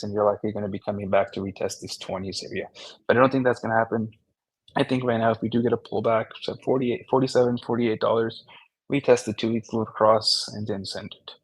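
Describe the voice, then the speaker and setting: Husky man, trading analyst, dry close sound, confident. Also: medium pitch, dry recording, rough recording. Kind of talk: technical chart analysis.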